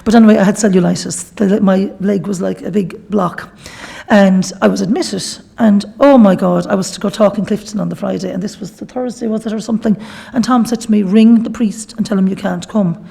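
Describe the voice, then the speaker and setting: A woman's voice: medium pitch, brisk, creaky, warm tone, breathy edge. A middle-aged woman with a Galway Irish accent, giving a chatty, earnest personal testimony as a workshop speaker, with devout asides. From Ireland.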